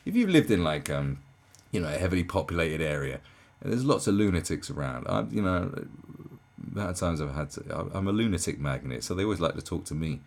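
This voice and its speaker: A young man ranting in a reaction commentary, incredulous and swearing, swinging from mocking shrieks down to low, sad muttering. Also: darkish tone.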